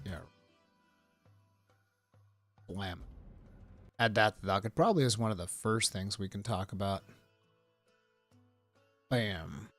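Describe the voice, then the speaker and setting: A man hosting a casual live stream, rambling through gaming news and reading chat aloud. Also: on the low side. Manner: rambling, reads chat aloud, bursts of laughing excitement.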